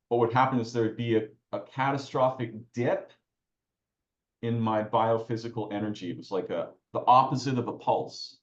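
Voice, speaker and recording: A man's voice: medium pitch, reverberant, lo-fi sound. A man talking as a podcast guest, reflective and searching, often restarting his phrases mid-thought. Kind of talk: reflective conversational talk.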